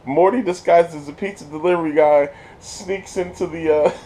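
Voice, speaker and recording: A man giving a casual spoiler review of a TV episode, slangy and excited, laughing often as he retells scenes. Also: on the high side, moderate pace.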